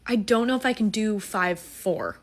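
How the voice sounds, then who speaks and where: A woman's voice: medium pitch, normal speed. A woman in her twenties, a musical theater student, telling a date story in a casual, self-mocking way with lots of swearing and acted-out dialogue. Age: 20s.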